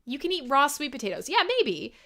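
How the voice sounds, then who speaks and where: Lively, bright-voiced irreverent woman host. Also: sits high, brisk. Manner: irreverent, profane, laughing often. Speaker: radio show host. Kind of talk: live metal radio show banter.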